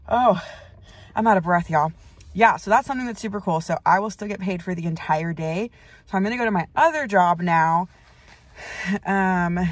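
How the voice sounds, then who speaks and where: A young woman chatting to the camera in a casual vlog, full of "like" and "um". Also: on the low side. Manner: chatty, lots of "like" and "um" fillers. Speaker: vlogger, traveling medical assistant. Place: at home, then in a car.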